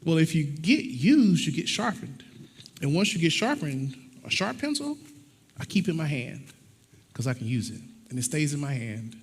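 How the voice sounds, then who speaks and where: A man preaching a conversational sermon with props, talking in a folksy way and acting out little dialogues. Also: fairly high pitch. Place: church sanctuary. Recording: long hall reverb, faint noise.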